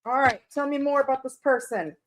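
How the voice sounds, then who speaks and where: A woman's voice: high voice, a little fast, background noise. A woman reading tarot on a casual live stream, chatty and rambling, greeting viewers by name and laughing at her own slips.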